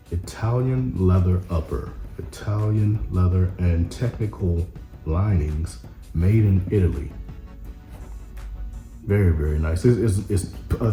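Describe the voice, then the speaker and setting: A man casually reviewing sneakers on camera, relaxed and rambling with many fillers. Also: low voice, reverberant. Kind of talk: casual product review vlog. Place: indoor room with camera. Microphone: camera mic.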